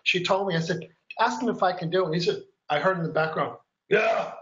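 A man's voice: high voice, fairly quick, a bit bright, reverberant, highs cut off. A man hosting a live stream, chatty and upbeat, explaining each step and counting aloud as he demonstrates. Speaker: host.

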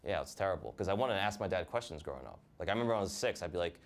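A young man from New Jersey doing a stand-up comedy set, deadpan, mimicking his family's voices. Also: low-pitched, very fast. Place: comedy club stage. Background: audience laughter.

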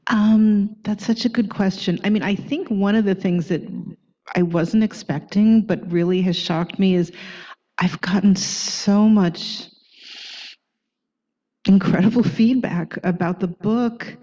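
A woman's voice: medium pitch, fairly even intonation, dark tone, dull audio. A woman in her sixties, an author, speaking candidly at a book talk and often restarting her sentences. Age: 60s. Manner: candid, halting, with frequent restarts.

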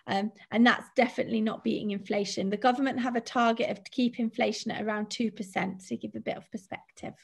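Woman with a high-ish voice explaining finance. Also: quick pace, vocal fry, hardly any pauses, husky. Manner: explanatory, steady, thinks aloud with fillers. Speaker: financial adviser. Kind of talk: presenting a finance talk.

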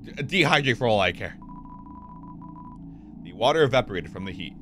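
A man's voice: lowish voice, moderate pace, noisy background. A young man doing live, joking gameplay commentary as a streamer, swearing casually. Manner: animated, swears casually, jokes.

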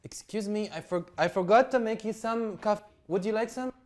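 A man's voice: high voice, a little fast, darkish tone, faint music behind, close to an everyday voice. A man playing a clumsy young man who stammers and apologizes. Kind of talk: amateur English-lesson drama.

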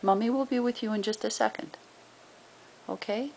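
A woman's voice: fairly high pitch, moderate pace, gravelly, a little mellow, a little hiss or hum, low-quality recording. A woman at home, talking to her pet in cooing, coaxing baby talk. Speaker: pet owner. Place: home indoors.

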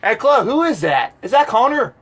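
A man's voice: extremely high pitch, very animated, normal speed, a bit bright. A teenage boy chatting casually and joking with friends on a gaming call, laughing often. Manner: giggly, joking, playful. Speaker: vlogger on a call.

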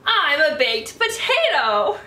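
A woman puts on a little lost storybook dog, anxious and pleading, his voice climbing high as he calls out with bright, ringing questions. It is a children's storybook reading in an echoey room, with the mic set back and a faint hiss behind. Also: big pitch swings, takes it slowly, heavily acted. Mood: worried. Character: small gentle lost male dog, anxious.

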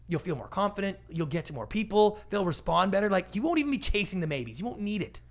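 A middle-aged man talking casually as a podcast guest, animated and acting out what other people say. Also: high voice, fast talker. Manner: animated, acts out quoted voices. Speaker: guest, pitch expert. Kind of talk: podcast interview.

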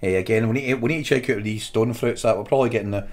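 A man's voice: mid-range voice, rapid-fire, darkish tone. A Scottish man co-hosting a podcast, chatting casually, laughing readily and trailing off mid-sentence. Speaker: podcast co-host. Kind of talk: casual chat.

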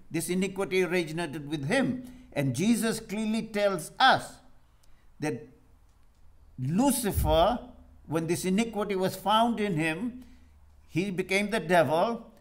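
A man preaching a sermon, reading scripture aloud and putting questions to his listeners. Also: sits high. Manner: reads scripture aloud and asks the congregation questions.

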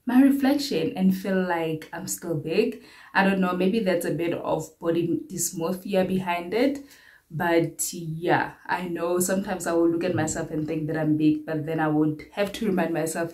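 A woman's voice: lowish voice, fairly even intonation, moderate pace, darkish tone. A young South African woman giving a candid, rambling update to her viewers and often repeating her phrases. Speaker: vlogger.

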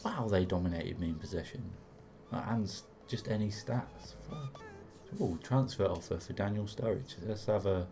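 A young man swearing and reacting excitedly while commentating his own football video game, with game music behind him. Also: fairly low pitch, moderate pace, slight background noise. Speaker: gaming commentator. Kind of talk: casual gameplay commentary.

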